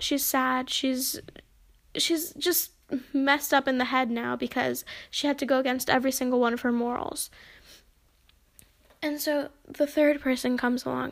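A woman's voice: high voice, gravelly. A young woman casually recapping a story's plot in a chatty way, acting out the quoted lines as she goes. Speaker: book discussion host.

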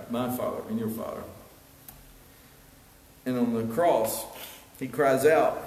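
A man preaching a sermon earnestly, building to emphatic peaks and then dropping quiet. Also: medium pitch. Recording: echoey hall with long reverb, faint ambience.

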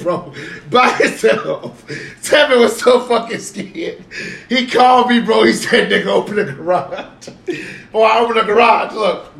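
Animated young man telling a wild story. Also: sits high, far from the mic. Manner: animated, swearing, emphatic repetition of "bro". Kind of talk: casual storytelling among friends. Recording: echoey room, from off the mic, faint noise.

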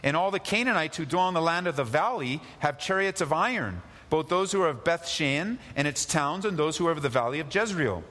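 Male pastor, sermon, slightly high voice, repeats phrases with emphasis, church hall reverb. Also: expressive, brisk, few pauses, fairly bright tone.

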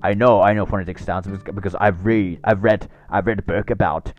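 A man's voice: low voice, fairly even intonation, brisk, dull audio. A man hosting a solo podcast, speaking with an attempted English accent and thinking aloud with many restarts and repeated words. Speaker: podcast host.

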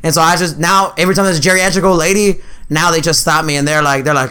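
A man's voice: a little high, fast, few pauses, smooth. A young man in his twenties, co-hosting a podcast, telling casual stories with frequent laughs and acted-out quotes. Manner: laughs often, animated storytelling with quoted voices. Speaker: podcast co-host. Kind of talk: casual storytelling chat.

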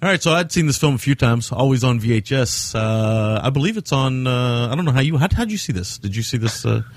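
A man's voice: medium pitch, expressive, fairly quick, no room sound. A man co-hosting a podcast, rambling through casual film talk with lots of fillers and frequent laughs. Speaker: podcast co-host.

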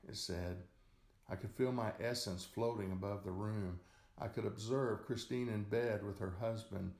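A man reading a short story aloud as narrator, in a slow, measured way. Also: lowish voice, fairly even intonation, vocal fry, a little mellow. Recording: echoey room.

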